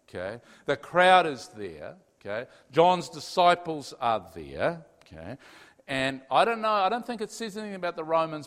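A man preaching a conversational sermon with lots of energy, often checking in with the audience. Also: medium pitch. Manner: animated, tags sentences with "okay?". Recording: long hall reverb.

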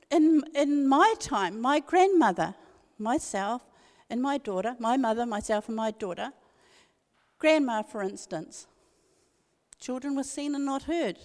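An older woman, giving a humorous storytelling talk as guest speaker and telling her anecdotes in a lively, animated way. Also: high-pitched. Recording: long reverb of a large hall.

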